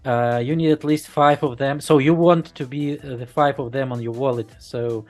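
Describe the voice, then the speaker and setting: A man's voice: mid-range voice, steady tone, moderate pace, a little mellow. A man with a mid-range voice hosts a live audio chat. He asks his questions hesitantly, with fillers along the way. Faint music sits under his voice. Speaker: AMA host.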